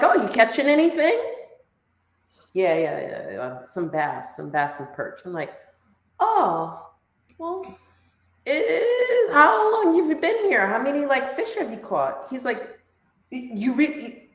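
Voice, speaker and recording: An animated woman co-hosting a chatty podcast, acting out the voices in her stories. Her pitch swings widely and she talks at an unhurried pace. The room around her sounds echoey. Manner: animated storyteller acting out dialogue. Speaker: podcast co-host. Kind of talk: casual chat.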